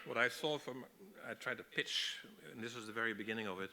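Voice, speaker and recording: A man teaching a masterclass on storyboarding, explaining in a relaxed way with frequent restarts. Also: medium pitch, a little fast, background noise. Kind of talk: lecture on storyboarding.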